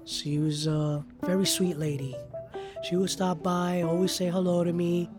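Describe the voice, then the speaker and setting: A man who works as a hotel bellhop, telling an emotional story in a husky, earnest voice in a documentary interview. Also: high-pitched, flat delivery, normal speed, over music.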